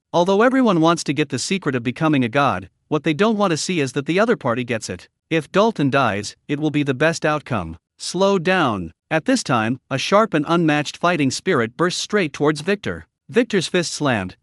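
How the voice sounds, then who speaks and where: A man reading a scripted story recap in a steady, even storytelling manner. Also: fairly high pitch, no room sound, clean studio sound. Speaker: recap narrator.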